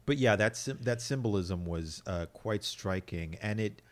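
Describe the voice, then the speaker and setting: A man chatting casually on a podcast, animated, laughing easily and swearing casually. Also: on the low side, unhurried. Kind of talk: casual chat.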